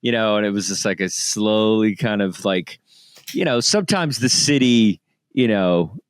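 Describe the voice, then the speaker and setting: A man's voice: fairly low pitch, expressive, normal speed, no echo. A man with a Texan accent, hosting a podcast in casual chat, rambling with many restarts and frequent laughs. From Texas, Dallas-Fort Worth area. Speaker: podcast host.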